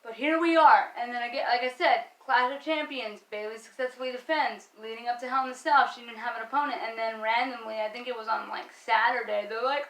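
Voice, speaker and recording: A young woman with a high voice rants as a fan, exasperated and emphatic, swearing freely. Her voice rings in an echoey room. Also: moderate pace, fairly bright tone. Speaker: wrestling vlogger. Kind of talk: ranting fan commentary.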